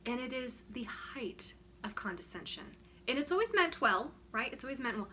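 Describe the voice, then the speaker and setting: A woman's voice: on the high side, very animated, moderate pace, pushed and bright. A woman wellness coach talking casually and frankly to the camera, emphatic and often checking in with "right?". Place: home studio.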